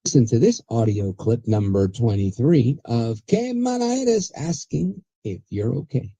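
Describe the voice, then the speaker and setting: A man's voice: mid-range voice, sing-song, unhurried, creaky, dark tone, breathy edge, no room sound, low-quality recording. A man hosting a political talk show, chatty and sarcastic, rambling with restarts. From USA. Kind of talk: casual political commentary.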